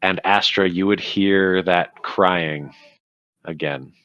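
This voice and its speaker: A male game master narrates a tabletop game in slow, measured sentences. His voice is very deep and unhurried. The sound is dry and close. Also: pushed and bright, no echo, lo-fi sound.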